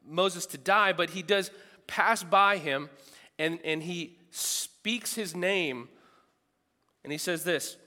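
A man's voice: sits high, slow pace, bright, forceful tone, in a large hall. A man preaching a sermon in a large room, earnest and emphatic, repeating phrases for stress.

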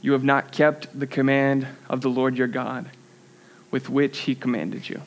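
A man's voice: mid-range voice, flat delivery, a little slow, vocal fry. A young man preaching a sermon in a church, earnest and conversational, with self-deprecating asides.

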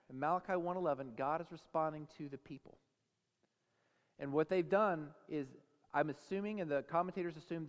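Male pastor, sermon, lively storytelling, high voice, reverberant sanctuary. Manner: animated storytelling, acts out quoted voices. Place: church sanctuary.

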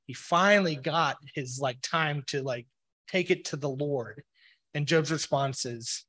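A man's voice: mid-range voice, a bit bright. A man giving a casual, rambling explanatory talk on religion, full of "you know" and "like" fillers. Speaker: speaker on a religious podcast.

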